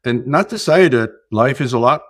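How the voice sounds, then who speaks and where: A man's voice: expressive, moderate pace. Earnest man sharing spiritual stories. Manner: earnest, rises in pitch and loudness when making a point. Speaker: podcast guest, keynote speaker. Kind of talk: reflective conversational storytelling.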